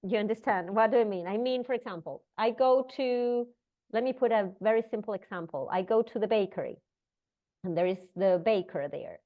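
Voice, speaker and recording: A woman who does not speak natively, teaching a breathwork class and telling a story with acted-out dialogue and halting restarts. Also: medium pitch, phone-quality sound.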